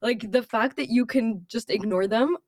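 A woman's voice: fairly high pitch, normal speed, darkish tone, dry recording. A young woman streamer in casual chat, blunt and swearing freely.

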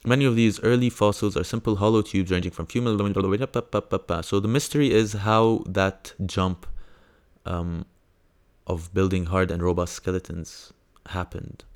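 A man hosting a casual science news podcast, rambling and hesitant with lots of fillers, now and then breaking into high squeals of delight. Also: fairly even intonation, moderate pace, clean tone. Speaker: podcast host.

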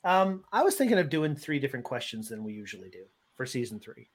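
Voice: medium pitch, big pitch swings, fast talker, husky. A podcast co-host who leads the questions and throws in dry quips. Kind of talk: casual chat.

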